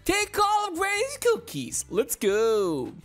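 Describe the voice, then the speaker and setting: A woman hosting a kids' gaming video, narrating the play with excited, coaxing exclamations. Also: extremely high pitch, slow pace, faint music behind. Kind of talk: excited kids' game commentary.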